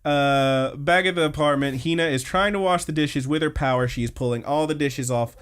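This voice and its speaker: A man co-hosting a podcast, casually retelling episode scenes with frequent swearing and quick quoted lines. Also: a little high, a bit bright, smooth. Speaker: podcast co-host. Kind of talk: casual anime recap chat.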